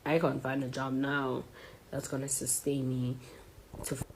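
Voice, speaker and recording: A woman's voice: very deep voice, flat delivery, measured pace, slight background noise. A young woman student from South Africa venting angrily online and confronting her mother directly. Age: young adult. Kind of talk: emotional social media rant.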